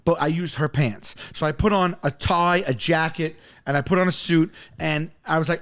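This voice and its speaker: A man's voice: fairly high pitch, moderate pace, hardly any pauses, a bit bright, clear, resonant tone, no echo. A man co-hosting a comedy podcast, telling a long self-mocking story in a rambling way, with many restarts.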